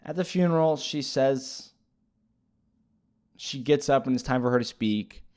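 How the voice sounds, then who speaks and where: A man's voice: medium pitch, a little slow, darkish tone. A man casually retelling a movie plot as a reviewer, rambling and hesitant with many fillers and restarts. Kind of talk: casual spoken movie recap.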